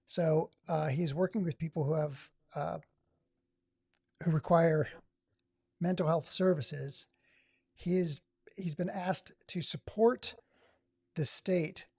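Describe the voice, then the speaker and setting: A man's voice: fairly high pitch, fairly even intonation, takes it slowly, vocal fry, pauses often, darkish tone, husky, no echo, clean studio sound. A man from Oregon hosting a live stream, giving sarcastic, exasperated running commentary. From Oregon, USA. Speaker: livestream host.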